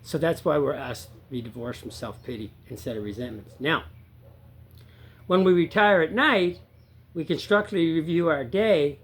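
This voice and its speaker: A man coaching sobriety in a casual talk to viewers, earnest and repeating himself, rising to loud emphasis and dropping to quiet, low asides. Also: expressive, moderate pace, a little hiss or hum.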